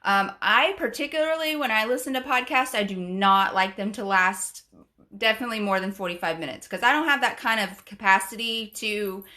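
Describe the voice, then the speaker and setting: A woman's voice: mid-range voice, a little fast, bright, forceful tone. A woman hosting a casual live stream, greeting viewers and reading their comments aloud in a bubbly, gushing way that often repeats itself. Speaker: live stream and podcast host.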